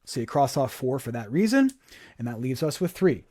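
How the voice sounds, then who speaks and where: A man's voice: mid-range voice, sing-song, normal speed, warm tone, no echo, clean studio sound. A male teacher walking students through exam questions, explaining each step and often checking in with "right?". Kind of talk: exam review walkthrough.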